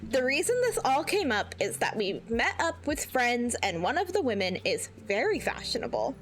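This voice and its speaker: A woman streamer reads posts aloud with frequent giggles and mock outrage. Her voice sits high and swings widely. Faint music runs underneath. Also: big pitch swings, moderate pace. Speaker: streamer host reading posts. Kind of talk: casual chat, reading aloud.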